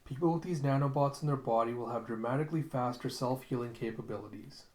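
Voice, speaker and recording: A man's voice: mid-range voice, quick pace, a little mellow, roomy sound. A man casually narrating a comic recap as host, chatty and laughing often. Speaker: comic read-along host.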